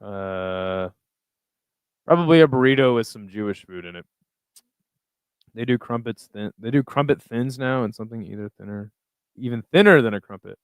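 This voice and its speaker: A man hosting a casual live chat reads viewer comments and responds in an easygoing, foul-mouthed way. He speaks at a normal speed with a medium pitch and long pauses. His tone is clean, with no echo.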